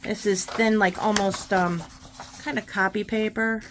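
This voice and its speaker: A woman's voice: mid-range voice, little pitch movement, measured pace, background noise. A woman hosting a casual art tutorial, chatting and encouraging while she demonstrates paint pens.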